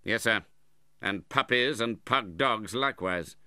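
A man's voice: fairly low pitch, a little slow, bright, forceful tone, clear, resonant tone, dry recording, clean studio sound, voice pushed up. A man reading the part of a cold, hard-hearted middle-aged moneylender in an audiobook, speaking curtly and sternly. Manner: curt and stern.

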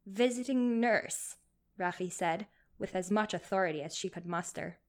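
A woman narrating a story in a measured, gently expressive reading. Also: fairly low pitch.

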